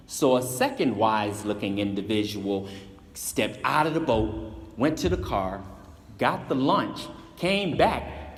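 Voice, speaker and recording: A man telling a motivational story with a high, lively voice that swoops up and down. He talks in a dramatic, repetitive way, and a long reverb trails each line.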